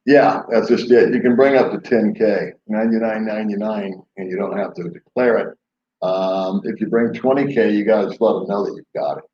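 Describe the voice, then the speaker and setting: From home in the Philippines, a man runs a relaxed late-night stream, rambling and joking between chuckles as he tells stories. He speaks a bit fast in a lowish, slightly mellow voice with fairly even intonation. The dull lo-fi audio has room echo and a little hiss or hum.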